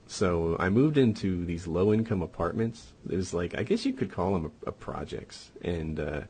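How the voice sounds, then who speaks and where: Podcast co-host, male, low-pitched and a little rough, casual storyteller with lots of fillers. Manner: rambling, many "and, uh" fillers.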